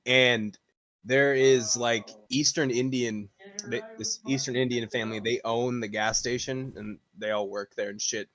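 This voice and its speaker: A young man co-hosting a podcast, telling a story in a relaxed way and swearing casually. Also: mid-range voice, measured pace.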